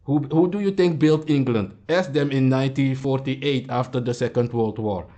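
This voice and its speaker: A man's voice: mid-range voice, moderate pace, warm tone. Heated man lecturing on a reaction stream. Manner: confrontational, lecturing, repeats words when worked up. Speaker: commentator reacting to clips. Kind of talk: heated commentary.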